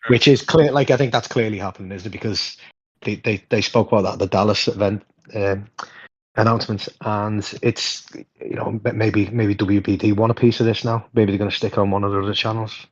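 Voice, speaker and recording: A man co-hosting a podcast in casual chat, an animated storyteller with a voice worn hoarse. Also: brisk. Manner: animated storyteller, jumps high in pitch. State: hoarse, hungover. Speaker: podcast co-host. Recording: dull lo-fi sound.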